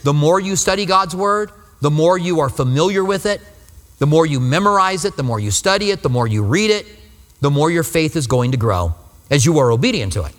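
Preaching a verse-by-verse Bible teaching sermon, this male pastor sounds earnest and explanatory, repeating phrases for emphasis. His voice sits on the high side, sing-song and brisk. The recording carries the long reverb of a hall.

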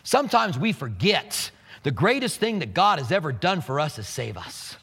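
A man preaching a sermon in an animated way, acting out the scenes he describes. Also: fairly high pitch, moderate pace, breathy edge, in a large hall. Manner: animated, acts out scenes with quoted voices. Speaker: pastor.

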